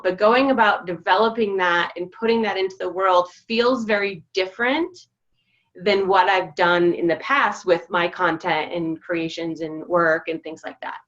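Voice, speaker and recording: A woman sharing her feelings over a group video call, halting and reflective with many pauses and restarts. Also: medium pitch, fairly bright tone, lo-fi sound. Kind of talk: casual personal sharing.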